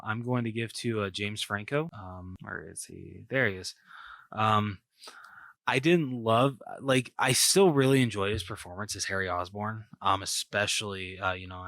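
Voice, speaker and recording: A man's voice: on the low side, sharp tone, no echo. A man co-hosting a podcast, talking casually about movies and rambling with lots of fillers and restarts. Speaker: podcast co-host.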